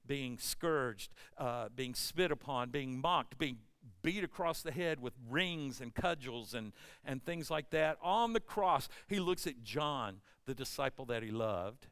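A man preaching a sermon with passion, his delivery swinging between hushed, intense passages and loud, emphatic ones. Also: mid-range voice, lively intonation, unhurried, clear, resonant tone.

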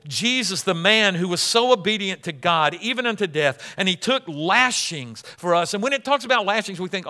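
A man preaching a sermon as pastor, dramatic, swinging between loud and hushed. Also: sits high, expressive, moderate pace, hardly any pauses. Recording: long hall reverb.

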